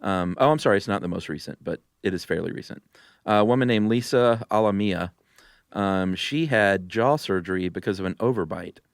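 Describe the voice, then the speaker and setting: A man's voice: deep voice, fairly quick, gravelly, dry recording, studio quality. A man co-hosting a podcast in casual chat, easygoing and rambling. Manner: easygoing, rambling, many ums and likes. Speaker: podcast co-host.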